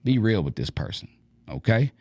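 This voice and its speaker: A man's voice: on the low side, big pitch swings, normal speed, darkish tone, no room sound. A man hosting an advice radio show, talking casually and animatedly in slang and acting out the lines he quotes.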